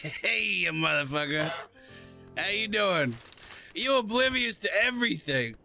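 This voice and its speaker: A man with a high, bright voice narrates his gameplay in unhurried casual commentary. He gets excitable, yelling and swearing at the characters on screen. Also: gravelly, soft background music. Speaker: gamer playing a goose game. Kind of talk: casual let's-play commentary.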